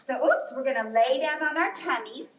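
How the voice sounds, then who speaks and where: High-voiced, cheery kids' yoga teacher. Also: female voice, normal speed, slight background noise. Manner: cheery, encouraging, talking to small children. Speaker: children's yoga instructor. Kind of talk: kids' yoga storytime class. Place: library room. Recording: echoey room from far off.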